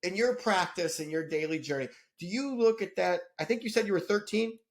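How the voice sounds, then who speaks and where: A man's voice: high-pitched, brisk. A middle-aged man from Detroit, a podcast guest talking earnestly and emotionally, often stammering and repeating words. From Detroit, USA. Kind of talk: casual conversation.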